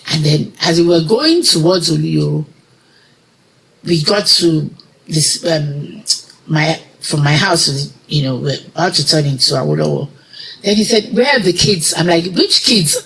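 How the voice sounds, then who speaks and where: A middle-aged Nigerian-accented woman appears as an interview guest, her low voice showing vocal fry and a fairly bright tone. With emotion, she relates a personal story, dramatizing what the people in it said. The recording is low quality, with slight hiss or hum.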